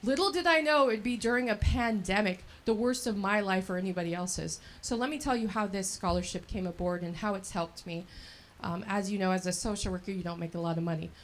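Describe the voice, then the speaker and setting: A woman in her thirties stands at a fundraiser and tells her own story. She is chatty, laughs easily and slips into quoted voices, at an everyday pitch. A faint hum runs underneath. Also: a little fast. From El Dorado County, California. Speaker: scholarship recipient. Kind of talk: speech at a fundraiser event. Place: event at a brewery.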